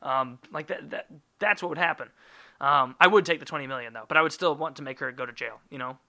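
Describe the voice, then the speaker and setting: A man's voice: on the high side, fast, sharp tone. A man hosting a podcast alone, rambling in a jokey, profane way. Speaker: podcast host. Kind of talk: casual solo monologue.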